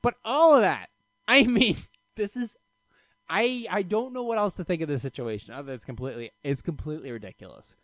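A man's voice: high voice, lively intonation, a little fast, no room sound. A man hosting a casual solo podcast, telling rambling stories full of profanity and restarts. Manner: rambling, profane, self-interrupting storyteller. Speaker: podcast host. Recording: dry, slightly dull lo-fi sound.

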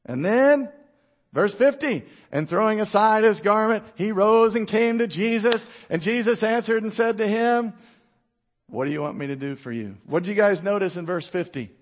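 A man preaching with a high, bright voice and a lively delivery. He acts out Bible characters in quick voices, then drops low and quiet to drive a point home. It is a pastor's sermon to his congregation.

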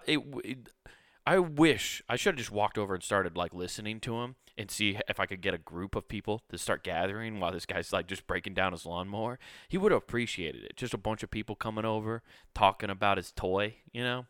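Young guy on a podcast, rambly and cussing, bright clear voice, dry sound. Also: lowish voice, animated, brisk, no echo. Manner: laid-back, profane, rambling with many restarts. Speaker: podcast host. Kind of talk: casual storytelling monologue.

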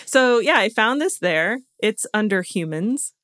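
A woman's voice: mid-range voice, expressive, unhurried, fairly bright tone, no room sound, clean studio sound. A woman co-hosting a podcast, casually retelling a story, often laughing and stumbling over names. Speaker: podcast co-host telling the story. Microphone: podcast studio mic.

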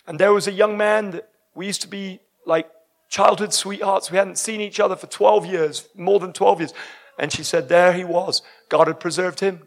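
Guy preaching w a high voice, super exuberant, shouts when he gets going. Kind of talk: sermon with storytelling.

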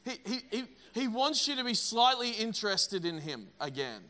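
A middle-aged man preaching a sermon, energetic and emphatic, often repeating words. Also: sits high, moderate pace. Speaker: pastor.

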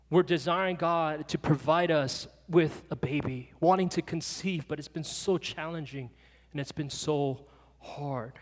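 A man preaching a sermon as pastor, earnest and pleading, leading the church in prayer. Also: fairly high pitch. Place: church hall. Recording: long reverb with soft guitar music behind.

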